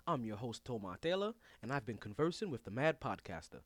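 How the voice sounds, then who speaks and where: A man's voice: mid-range voice, big pitch swings, fairly quick, a little hiss or hum, voice pushed down, lightly acted. A man playing a stiff, mock-formal male talk-show host in a comedy sketch. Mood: prim.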